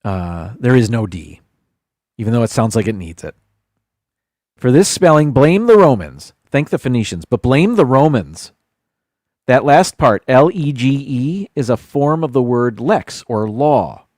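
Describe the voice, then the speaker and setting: A man's voice: mid-range voice, big pitch swings, measured pace, darkish tone, dry recording, clean studio sound. A man hosting a live stream in casual chat, rambling and repeating words while he thinks.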